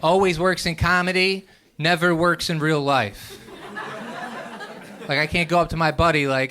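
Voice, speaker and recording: A young man doing a stand-up set in a comedy club, telling stories with animated voices and sudden loud outbursts. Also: on the high side, moderate pace, pauses often.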